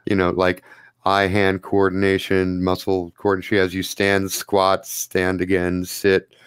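A man narrating as game master in a tabletop game, relaxed and wry, with many fillers. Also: sits low, measured pace, smooth, no room sound, clean studio sound.

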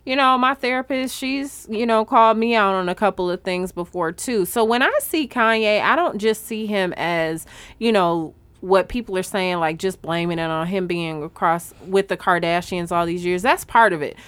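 A woman co-hosting a podcast, talking blunt and animated in casual chat with slang and swearing. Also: mid-range voice, moderate pace, clear, resonant tone, no echo. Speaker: podcast co-host.

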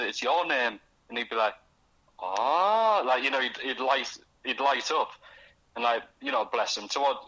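A young man, a guest author talking in a casual radio interview, halting and restarting as he acts out voices in his stories. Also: mid-range voice, sharp tone, poor audio. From North East England. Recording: radio studio.

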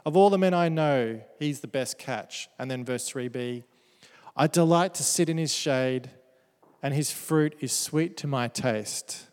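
A man's voice: medium pitch, unhurried, darkish tone, clear, resonant tone. A man preaching a sermon who reads verses aloud and breaks into playful, joking asides. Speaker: pastor. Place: church hall. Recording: church hall with long reverb.

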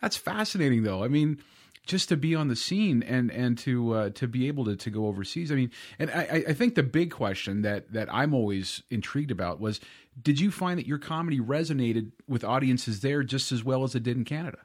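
A man's voice: medium pitch, expressive, a little fast. A man hosting a comedy podcast interview, asking long, rambling questions full of restarts and fillers. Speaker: podcast host. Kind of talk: casual interview chat.

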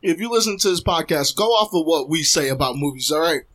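A man's voice: on the high side, expressive, fast, a bit bright, low-quality recording. A man co-hosting a podcast, laid-back and chatty, laughing along in casual banter. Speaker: podcast co-host.

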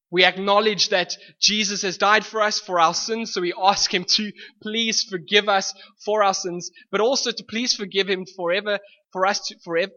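A man's voice: high-pitched, bright, forceful tone. A man preaching a sermon in an earnest way, restating his points and coaxing the congregation to answer back. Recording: lo-fi recording with long hall reverb.

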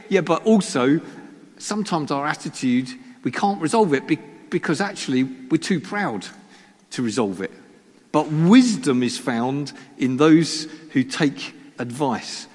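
Animated preacher in a reverberant church hall. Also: male voice, a little high, takes it slowly. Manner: self-deprecating humor, rhetorical questions. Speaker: pastor. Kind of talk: sermon.

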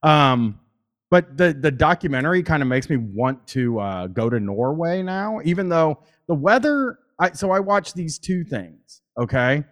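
A man's voice: a little high, very animated, unhurried. Rambling, swearing podcaster man. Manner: rambling, swears freely, many fillers. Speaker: podcaster, guest. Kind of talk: casual chat.

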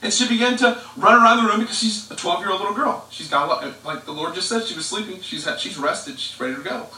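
A man's voice: sits high, quick pace, hardly any pauses, bright, forceful tone. A male pastor giving a casual, conversational sermon from his living room over a live stream, with lots of fillers and restarts. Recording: echoey, distant living-room livestream.

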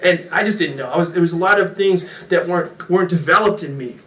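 Middle-aged guy preaching, high bright voice, jokey storyteller, echoey room a ways off the mic. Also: fast, far from the mic. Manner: storytelling, jokey, animated with impressions. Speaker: pastor. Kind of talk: sermon.

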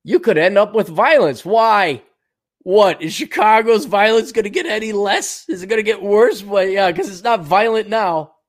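In an animated, high-pitched voice, this streamer reads donations and launches into a blunt, profanity-heavy rant. He talks fast and loosely, stumbling through fillers and restarts.

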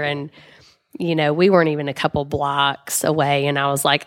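A middle-aged woman talking candidly as an interview guest, telling stories in a chatty, animated way with lots of fillers. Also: low voice, normal speed, clear, resonant tone. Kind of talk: candid conversational storytelling.

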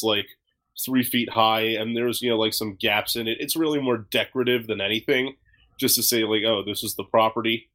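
A man's voice: medium pitch, a bit bright. A man hosting a podcast, telling a story in a rambling, casual way with lots of fillers and swearing. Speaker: podcast host.

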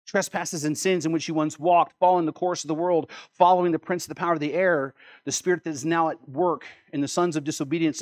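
A man preaching a sermon as pastor, emphatic, repeating key words and asking rhetorical questions. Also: fairly high pitch.

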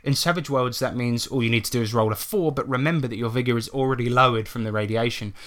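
This man sits at a middle pitch and talks casually as a podcast co-host. He walks through game rules step by step, dropping swear words along the way. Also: quick pace, fairly bright tone. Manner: chatty, swears freely, explains rules step by step. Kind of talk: casual chat.

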